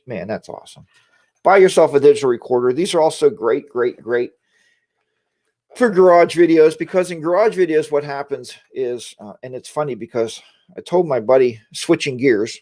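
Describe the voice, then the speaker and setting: A man's voice: medium pitch, a little mellow. A man hosting a casual livestream, talking in a rambling, chatty way and greeting viewers by name, on a lapel mic in a home studio. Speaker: livestream host.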